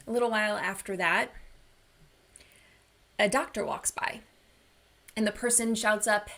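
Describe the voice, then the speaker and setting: A woman's voice: medium pitch, slow, pauses often, bright, forceful tone. A woman wellness coach giving an online workshop in an earnest, personal storytelling manner.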